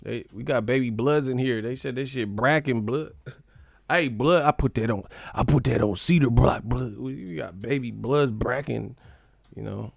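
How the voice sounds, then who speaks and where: Gravelly-voiced man, loose profane banter. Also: normal speed, dry recording. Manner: profane, joking, mocking chat in silly high voices. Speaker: live stream host. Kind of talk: casual live-stream chat reading comments.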